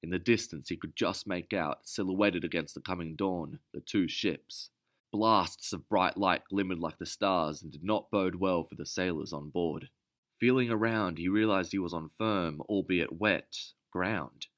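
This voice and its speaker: Deep, bright-voiced male narrator. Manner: steady, measured storytelling. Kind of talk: scripted audiobook narration.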